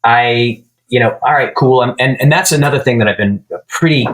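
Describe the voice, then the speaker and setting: A man who builds guitars, a podcast guest telling a long story in a relaxed, chatty way. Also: mid-range voice, fairly quick, poor audio. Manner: relaxed storyteller who acts out quoted dialogue. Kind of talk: casual storytelling interview.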